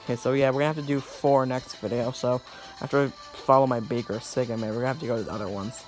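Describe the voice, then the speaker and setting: A man closes out a gameplay video in loose, rambling chat, dropping swears and breaking into laughter between half-finished thoughts. His voice sits at an ordinary middle pitch. Faint music plays underneath. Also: fairly even intonation, fast talker. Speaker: let's play host. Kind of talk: casual gameplay commentary.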